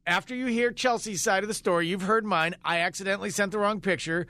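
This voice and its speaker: A man's voice: sits high, fast talker, sharp tone, no echo. A man co-hosting a morning radio show, teasing and joking with his partner. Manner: teasing, joking, dry asides. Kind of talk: casual morning radio banter.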